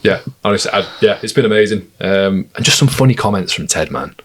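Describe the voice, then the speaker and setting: A man's voice: on the low side, animated, a little fast. A young man co-hosting a casual podcast, a jokey storyteller who laughs often. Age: young adult. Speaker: podcast co-host. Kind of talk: casual chat.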